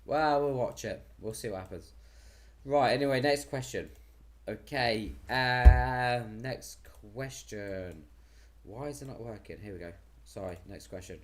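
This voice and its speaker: A man's voice: mid-range voice, normal speed, a little hiss or hum. A man hosting a casual live stream, chatty and cheerful, losing his voice. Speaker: host.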